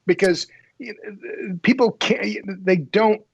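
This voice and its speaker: A man's voice: sits high, slow, gravelly, breathy edge, dry recording, muffled recording. A man speaking as a guest in a casual interview, talkative and restarting his words as he works into each point. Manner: talkative, repeats words when starting a thought. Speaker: podcast guest, energy writer.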